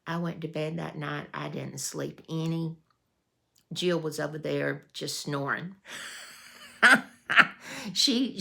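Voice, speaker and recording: In a deep, creaky voice that sounds pushed and bright, a woman vlogs a casual story. She rambles in a folksy way, restarting often and filling gaps with fillers.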